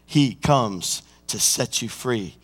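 A senior pastor preaching a sermon, swinging from hushed, intimate passages to shouted climaxes, sometimes singing and acting out scenes. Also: male voice, mid-range voice, expressive, slow, husky, long reverb tail. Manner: breaks into song and acts out scenes. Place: church sanctuary.

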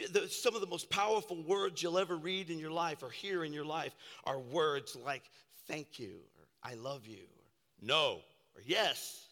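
A man's voice: on the high side, pushed and bright, big-room sound. A man preaching a fervent, repetitive sermon as pastor.

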